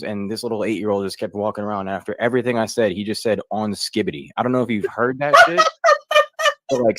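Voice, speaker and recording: A young man doing a crude, rambling stand-up set with lots of fillers and loose storytelling. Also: medium pitch. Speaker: comedian contestant.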